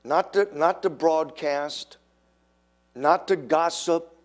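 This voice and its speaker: An older man preaching a sermon, slow and emphatic, acting out quoted voices with sudden jumps in pitch. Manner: animated, acts out quoted voices.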